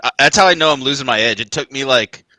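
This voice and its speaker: A man co-hosting a podcast, chatting casually with quick, lively interjections. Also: medium pitch, dry recording, low-quality recording.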